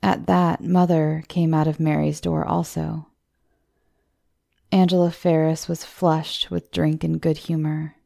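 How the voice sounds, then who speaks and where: A woman hosting a horror story show, reading the tale in a measured, scripted way. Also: sits low, little pitch movement, gravelly, mellow, no room sound, clean studio sound. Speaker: horror story narrator, podcast host.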